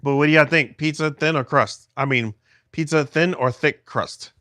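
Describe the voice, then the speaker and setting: A man's voice: on the high side, normal speed, pushed and bright, dry recording, clean studio sound. A middle-aged man livestreaming from a phone held in his hand at home, chatting with viewers in a rambling way with many restarts. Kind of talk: casual livestream chat with viewers.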